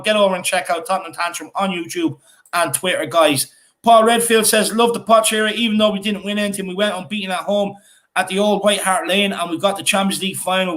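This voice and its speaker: Irish guy, highish voice, rambling live-stream chat reading comments out, lots of ums. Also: fairly bright tone. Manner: chatty, repeats himself, many fillers. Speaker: fan channel co-host.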